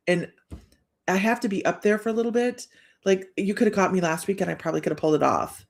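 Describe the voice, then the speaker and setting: Giggly woman with a gravelly voice. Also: mid-range voice, fast, darkish tone. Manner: joking, giggly, laughs often between lines; chatty, with frequent restarts. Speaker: psychic reader hosting a live stream. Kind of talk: casual live-stream chat.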